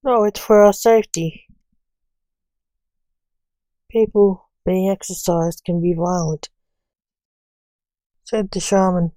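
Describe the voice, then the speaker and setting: A woman reading a story aloud in an even, unhurried way, with little change of voice between characters. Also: mid-range voice, no echo. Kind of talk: read-aloud story narration.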